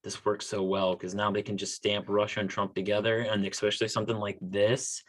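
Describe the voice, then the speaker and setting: Lowish-voiced man from Texas, emphatic. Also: level tone, brisk. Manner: emphatic, loose and profane. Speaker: podcast co-host. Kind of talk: casual political chat.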